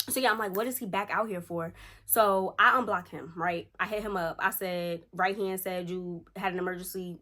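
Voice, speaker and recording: A young woman, chatting at home as a storytime vlogger and acting out the quotes of people in her story. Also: medium pitch. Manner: chatty and animated, acts out quotes. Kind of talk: casual storytime chat.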